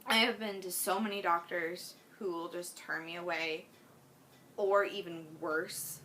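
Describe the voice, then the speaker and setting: A vlogger speaks straight to viewers in a personal video diary, her voice bright, forward and fairly low-pitched at a moderate pace. Earnest and heartfelt, she rambles a bit and fills gaps with "like" and "um", with a little hiss or hum audible.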